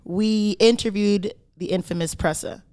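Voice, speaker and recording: A young woman talks through a podcast episode in a casual, emphatic way. She keeps checking in with her listeners and co-host, firming up each point as she goes. Her voice sits at an ordinary middle pitch. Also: fairly even intonation, unhurried, a little mellow, smooth. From Canada. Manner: emphatic, tags points with "right?" and "okay?".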